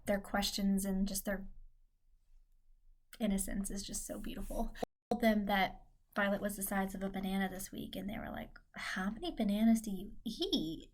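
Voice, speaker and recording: Young woman, casual vlog chat, rambling, self-correcting, average pitch. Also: flat delivery, normal speed, vocal fry, pauses often. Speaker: vlogger and teacher.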